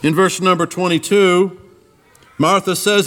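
A man's voice: a little slow, fairly bright tone. A man preaching a sermon in a church, swinging his voice up and down for emphasis as he retells the scripture. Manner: preaching with dramatic rises and drops in pitch.

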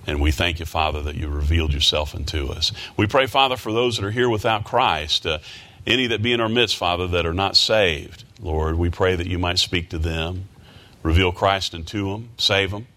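A man leading a prayer and then preaching a sermon, rising to loud, high emphasis and reading scripture in old-fashioned wording. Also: moderate pace.

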